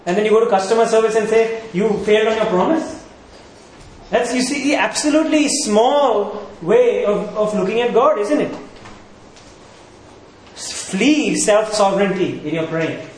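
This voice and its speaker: A man's voice: high voice, animated, moderate pace. A man preaching a sermon as pastor, asking rhetorical questions and repeating points for emphasis. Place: church. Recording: echoey church hall with faint noise.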